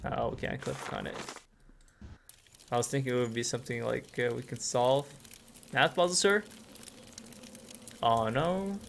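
A man musing through a game in a low-key commentary. His voice has a gravelly fry at a middle pitch. Buzzing insects and game ambience are loud behind him. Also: a little slow, pauses often, slight background noise. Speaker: gamer. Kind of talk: gameplay commentary.

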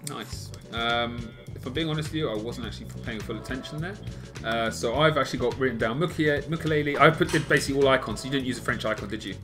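A man playing a football video game with a friend, exasperated and animated, bursting into loud outbursts at the play. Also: mid-range voice, fast talker. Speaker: gaming co-player. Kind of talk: excitable casual gaming banter. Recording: game music playing behind.

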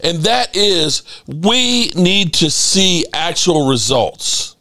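A fired-up man hosting his own sports channel, ranting hard with cursing and repeated jabs. His voice sits high for a man and leaps all over the place as he hammers each point. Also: big pitch swings, drawn-out words, bright, forceful tone. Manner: heated, profane, repetitive. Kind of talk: ranting commentary.

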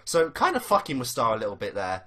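Reacting to a cartoon episode, this young adult fan talks quickly in a pushed, bright mid-range voice with huge pitch swings. The commentary is loose and rambling, full of swearing and constant "you know" fillers.

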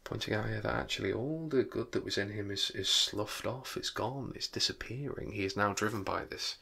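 A man's voice: lowish voice, fairly quick, vocal fry, bright, forceful tone, breathy edge. A man teaching a literature revision lesson, explaining a novel with enthusiasm.

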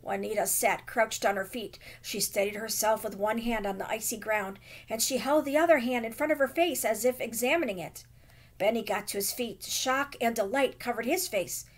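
A woman teacher reading a children's novel aloud with expressive, dramatic emphasis. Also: on the high side, moderate pace.

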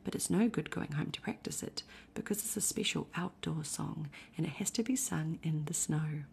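A woman voicing a cheerful, muddled little teddy bear in a whispered storybook role-play, gentle and cheerful. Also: low-pitched, normal speed, creaky, slight background noise.

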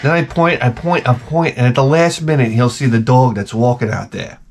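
A middle-aged man talks straight to his channel, ranting through stories with plenty of swearing. His voice sits at an ordinary pitch, and he wanders off track, restarts his sentences and keeps chuckling at himself. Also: expressive, moderate pace, darkish tone, soft background music. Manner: profane, ranting storyteller. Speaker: channel host. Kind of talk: rambling comedic monologue.

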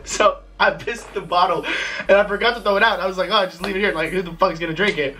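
A man's voice: high-pitched, quick pace, a little hiss or hum. A young man hosting a vlog, telling crude stories in casual chat, often breaking into laughter. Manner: laughing, crude banter, animated storytelling. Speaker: vlog host.

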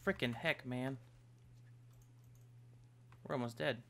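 A man giving casual let's-play commentary as host of a gaming channel, excitable, yelping and trash-talking the enemies on his screen. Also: mid-range voice, moderate pace, pauses often. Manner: excitable, yelps and trash-talks game enemies.

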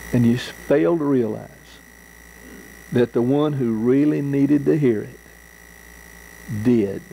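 Gravelly, slow-talking male pastor. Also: medium pitch, mellow, slight background noise, rough recording. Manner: earnest, repeats phrases for emphasis. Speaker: pastor teaching a Bible class. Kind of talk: church Bible class teaching and closing prayer.

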